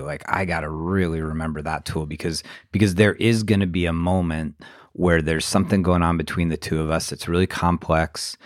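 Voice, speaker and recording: A man co-hosting a podcast, talking in a reflective, halting way with lots of fillers. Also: low-pitched, dry recording, studio quality. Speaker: podcast co-host. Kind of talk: casual podcast chat.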